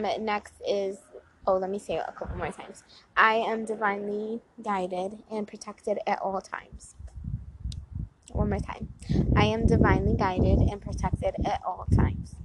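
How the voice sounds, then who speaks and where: A woman talks through positive affirmations in a casual, chatty way, full of "like" fillers. She repeats each affirmation several times. Faint wind noise sits behind her voice. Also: mid-range voice. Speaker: host reading affirmations. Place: outdoors on a porch.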